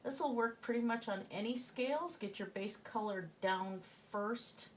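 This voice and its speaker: A woman's voice: fairly high pitch, unhurried, a little hiss or hum. A woman with a slight Southern US accent, giving a chatty painting tutorial and thinking aloud as she works, sometimes dropping to a murmur. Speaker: painting instructor.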